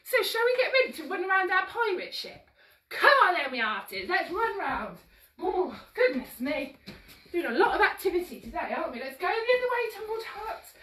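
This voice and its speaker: A woman's voice: extremely high pitch, big pitch swings, moderate pace, a bit bright. A woman leading a children's exercise class, sing-song and encouraging, moving as she talks and a bit out of breath. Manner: upbeat, sing-song and encouraging, coaxing little ones along. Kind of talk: live-streamed toddler action-song class. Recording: roomy echo, voice from a distance.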